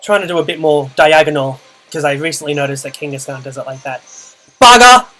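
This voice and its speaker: A man's voice: a little high, level tone, quick pace, low-quality recording. A young man giving a dry, muttered running commentary on his own game, groaning at setbacks. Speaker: channel host and player. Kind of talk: live gameplay commentary.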